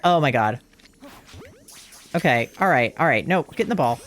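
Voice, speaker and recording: A young adult man chatting through a live game stream, rambling when calm and then panicked and swearing with excitement. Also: mid-range voice, normal speed, pauses often, soft background music.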